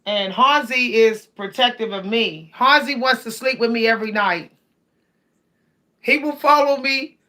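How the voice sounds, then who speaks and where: A woman chats casually to her viewers, animated and laughing as she talks. Her voice sits high and sounds bright and forceful. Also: unhurried. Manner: animated, laughs often, addresses viewers directly. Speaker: cat owner vlogger.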